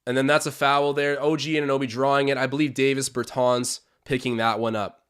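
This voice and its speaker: A man's voice: mid-range voice, flat delivery, fairly quick, fairly bright tone, clear, resonant tone. A young man hosting a live-stream watch-along, chatting opinions, calling plays and reading out viewer comments.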